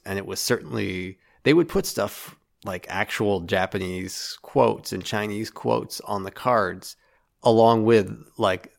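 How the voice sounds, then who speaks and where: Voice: low voice, gravelly. A podcast co-host in casual chat, with dry, wry humor.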